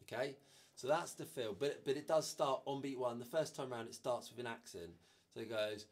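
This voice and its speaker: A man's voice: medium pitch, normal speed. Male drum teacher with a loose, chatty delivery and a mid-range voice, counting beats aloud. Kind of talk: instructional drum lesson.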